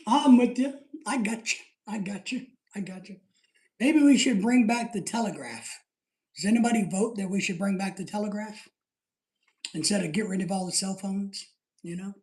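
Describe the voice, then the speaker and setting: A man's voice: high-pitched, normal speed, darkish tone. Man, middle-aged, live stream host, casual rambling chat, jokey, laughs often, roomy echo.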